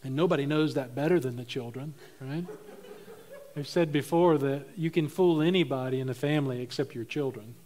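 A man's voice: medium pitch, fairly quick, a little mellow. A middle-aged man preaching a sermon, telling funny stories and laughing at his own jokes. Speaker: pastor.

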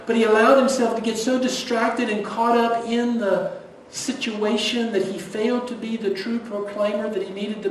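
A man, a pastor preaching a sermon in a church, swinging between loud emphasis and hushed near-whispers. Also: sits high. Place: church sanctuary. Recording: echoey hall, distant mic, faint noise.

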